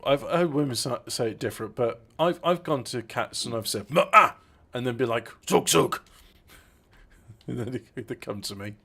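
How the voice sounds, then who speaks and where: A man's voice: medium pitch, breathy edge. Rambling man, stop-start chat. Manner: rambling, halting, with many restarts and fillers. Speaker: podcast co-host. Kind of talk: casual chat.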